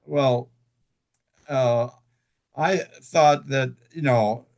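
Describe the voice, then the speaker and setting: Gravelly man telling a halting story. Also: medium pitch, a little mellow. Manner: halting, with many fillers and restarts. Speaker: guest author. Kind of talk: casual interview storytelling.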